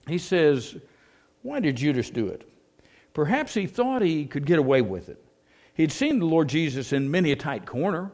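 A man's voice: fairly high pitch, big pitch swings, moderate pace, a little mellow. Male pastor, earnest sermon delivery, emphatic scripture reading. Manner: earnest preaching, reads scripture aloud with rising emphasis.

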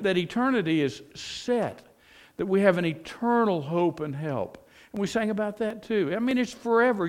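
A man's voice: high-pitched, vocal fry. A male pastor preaching a sermon in a conversational way, often asking the congregation rhetorical questions.

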